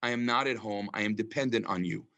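A man, a rabbi, teaching a class on scripture, reading verses aloud and translating them, with frequent pauses and ums. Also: lowish voice, a bit bright. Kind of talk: lecture on scripture.

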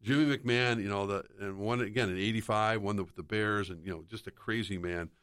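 An older sports broadcaster talks in a somewhat low voice. He tells rambling anecdotes in casual chat and slips into other people's voices for quotes. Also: a little fast, a bit bright, clean tone. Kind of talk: casual storytelling.

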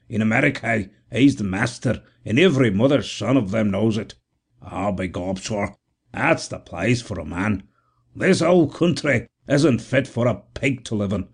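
A man's voice: medium pitch, lightly acted. A man putting on a blustering Irish emigrant. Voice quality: voluble, blustering. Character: tipsy, boastful middle-aged Irish emigrant man.

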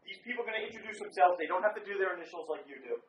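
Loud, yelling male podcast host. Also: sits high, animated, very fast, distant mic. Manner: loud, yelling, playful showman. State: a bit tipsy. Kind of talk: rowdy live podcast chat. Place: large hotel room full of people. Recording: echoey room, from off the mic, dull, faint noise.

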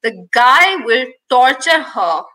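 A woman's voice: sits high, big pitch swings, takes it slowly, sharp tone, rough recording. A woman co-hosting a casual chat, candid and rambling, laughing often.

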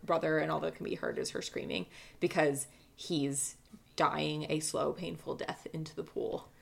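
A woman with a low voice and a gravelly edge, talking in a relaxed, casual way. She tells a story to a friend and fills her pauses with "um" and "like." Now and then she reads from a transcript. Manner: relaxed, many fillers, reads a transcript aloud.

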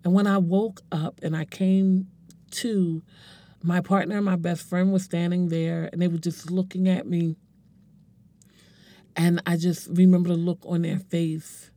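With a mellow, medium-pitched voice and flat delivery, a speaker in their forties tells an emotional personal story. They sound earnest yet halting, frequently stumbling and repeating words as they search for the right ones.

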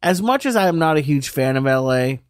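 A young adult man co-hosting a podcast, talking casually in a hesitant, halting way. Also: on the high side, lively intonation, no echo, clean studio sound. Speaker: podcast co-host. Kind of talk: casual chat.

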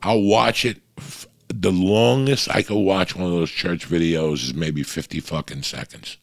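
Rambling through a confessional monologue at a measured pace, a middle-aged podcast host swears nonstop in a very low, gravelly, wheezy voice. Recorded close on a podcast mic, his sound is dry with no room ambience.

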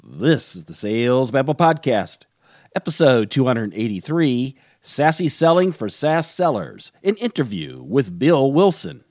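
A man hosting a sales podcast interview, energetic and enthusiastic. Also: medium pitch, a little slow. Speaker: podcast host.

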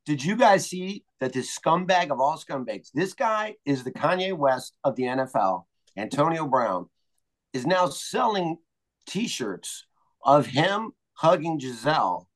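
A man's voice: on the high side, big pitch swings, measured pace. A man co-hosting a casual chat, ranting indignantly about a news story.

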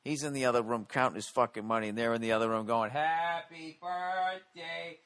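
A man's voice: mid-range voice, steady tone, very fast, fairly bright tone, dry recording. Blunt foul-mouthed podcast host, a man. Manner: swears constantly, blunt. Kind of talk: profane casual podcast rant.

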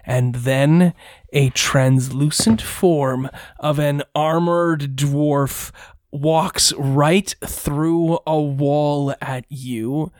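A game master narrating a tabletop fantasy game in a measured, descriptive way. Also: mid-range voice, fairly even intonation, a little mellow, no room sound, clean studio sound.

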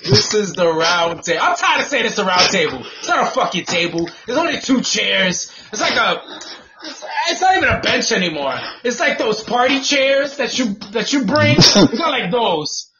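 A man co-hosting a podcast outdoors on a patio, talking loudly with profane, laughing banter. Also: high-pitched, very animated, normal speed, highs cut off, noisy background. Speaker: podcast co-host. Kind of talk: casual chat.

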